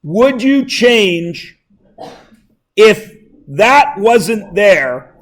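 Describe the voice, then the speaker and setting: A man teaching a classroom math lesson, quizzing students with quick questions and joking asides. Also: high voice, animated.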